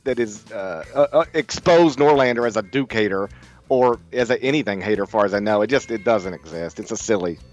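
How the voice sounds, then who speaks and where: A man co-hosting a podcast in casual chat, halting with many fillers and laughing often. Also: on the low side, muffled recording, faint music behind. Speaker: podcast co-host.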